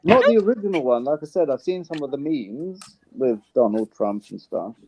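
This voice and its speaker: A man's voice: mid-range voice, lively intonation, normal speed, very noisy. A man making dry, wry remarks in casual streamed chat. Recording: dull lo-fi mic.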